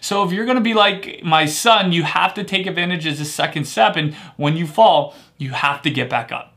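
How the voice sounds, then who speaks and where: High, bright-voiced energetic man. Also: moderate pace. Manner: energetic, punctuates points with "right?". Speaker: life coach. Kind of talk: motivational talk to camera.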